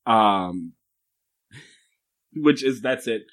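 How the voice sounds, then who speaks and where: A man's voice: on the low side, drawn-out words. A man casually recapping a film on a podcast with a co-host, swearing often, laughing, and acting out lines from scenes. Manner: animated, profane, laughing, acts out lines from scenes. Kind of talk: casual profane chat.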